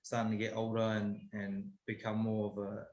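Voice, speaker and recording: A man's voice: on the low side, completely flat delivery, normal speed, a little mellow, muffled recording. A man, a guest telling a story casually and candidly, swearing freely. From New Zealand. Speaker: guest, MMA fighter. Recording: roomy echo.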